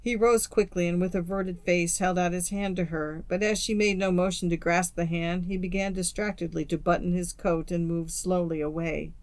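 Storyteller reading old short stories out loud, steady and expressive, dry close mic, middling pitch. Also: moderate pace, few pauses, no echo. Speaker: story reader. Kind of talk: storybook narration.

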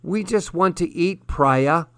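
A man voicing a brisk, practical woman with a faint Southern accent, in an audiobook. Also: a little high, a bit bright, clear, resonant tone, no echo, voice pushed up. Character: impatient woman, practical organizer.

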